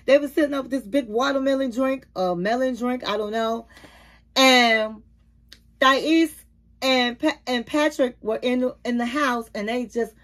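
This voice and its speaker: A woman's voice: high voice, a little slow. A woman recapping a reality show for her channel's viewers in a chatty manner, calling them queens, honey and baby. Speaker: YouTube reality-TV reviewer. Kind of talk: casual recap and commentary.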